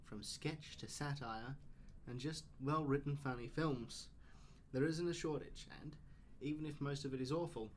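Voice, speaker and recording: A man's voice: mid-range voice, moderate pace, a little hiss or hum. Blunt, opinionated male podcast host. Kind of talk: casual chat.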